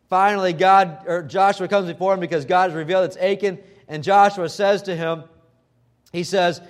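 A man preaching a sermon emphatically, weaving in scripture quoted in old-fashioned wording. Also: high voice.

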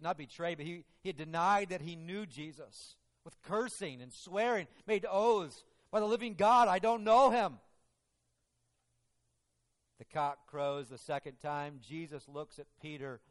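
A male preacher tells his sermon with dramatic, emphatic delivery. His voice sits a little high and he often restarts phrases. Long reverb from a large hall or church rings around him.

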